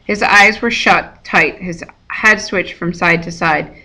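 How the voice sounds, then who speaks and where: A woman's voice: on the low side, slow, bright, forceful tone. A woman reading a novel aloud, sometimes stumbling and rereading words. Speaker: reader.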